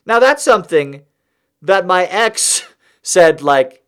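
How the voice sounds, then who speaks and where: A man's voice: high voice, lively intonation, takes it slowly, fairly bright tone, clean tone. A man hosting a podcast, delivering a rambling, confessional, self-mocking comic monologue.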